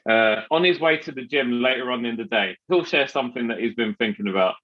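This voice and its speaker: A man hosts a podcast in loose, rambling chat, stumbling and restarting as he goes. His voice sits at an ordinary pitch. The recording is a little dull and lo-fi. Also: fairly quick. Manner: chatty, rambling with many restarts and fillers. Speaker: podcast host.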